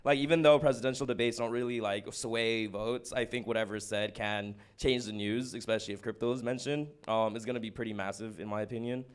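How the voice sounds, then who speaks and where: A man's voice: lowish voice, steady tone, quick pace, hardly any pauses, smooth. A man making casual announcements on a podcast in a wry, offhand way.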